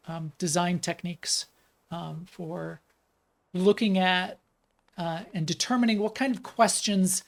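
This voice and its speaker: Gravelly, rambling game developer. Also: medium pitch. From United States. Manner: rambling, chatty, lots of fillers and restarts; talks while playing and commenting on the game. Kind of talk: live stream gameplay chat.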